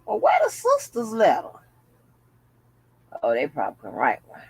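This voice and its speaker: Animated, profane woman vlogger. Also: medium pitch, normal speed, breathy edge, dry recording. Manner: blunt, profane, joking chatter to viewers. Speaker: channel host. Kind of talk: casual commentary vlog.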